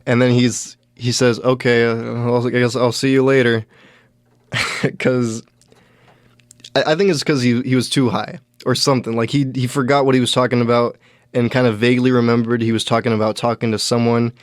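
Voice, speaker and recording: Young male comic, halting deadpan storyteller, dry close mic. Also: mid-range voice, no room sound. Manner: halting, many restarts and fillers, deadpan. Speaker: podcast host, stand-up comedian. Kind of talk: casual solo storytelling.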